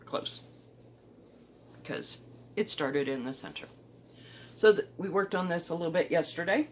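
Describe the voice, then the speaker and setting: A woman with a Southern accent, chatting casually about her stitching at home, rambling, correcting herself and often trailing off softly. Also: fairly low pitch, animated, moderate pace, slight background noise, rough recording. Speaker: cross-stitch vlogger. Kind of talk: casual show-and-tell chat. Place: home, indoors.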